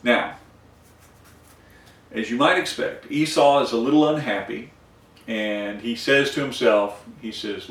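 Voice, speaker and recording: A man's voice: mid-range voice, normal speed, pauses often, reverberant, distant mic. Folksy man retelling Bible stories. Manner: folksy, animated storytelling with many fillers. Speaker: Bible study teacher. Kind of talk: retelling scripture with acted-out dialogue.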